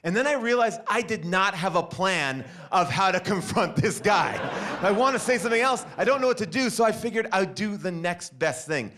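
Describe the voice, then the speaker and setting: Animated high-voiced comedian telling a story. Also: male voice, normal speed, slight background noise. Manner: animated, acts out every character in the story. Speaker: stand-up comedian. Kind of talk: stand-up storytelling.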